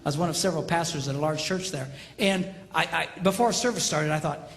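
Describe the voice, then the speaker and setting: A man's voice: on the high side, fast talker, hardly any pauses, in a large hall. A male pastor giving a humorous marriage talk, telling stories playfully and acting out the voices. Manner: storytelling, animated, playful, acts out voices. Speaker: pastor, marriage seminar speaker.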